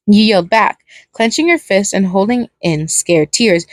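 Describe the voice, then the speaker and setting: A woman reading fan fiction aloud as narrator, steady but with small restarts. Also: mid-range voice, normal speed, no room sound.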